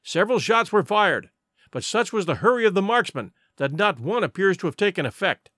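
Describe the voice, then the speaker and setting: A man's voice: sits high, sing-song, fairly quick, pushed and bright, no room sound, clean studio sound. A man narrating an adventure audiobook in a vivid, dramatic storytelling manner.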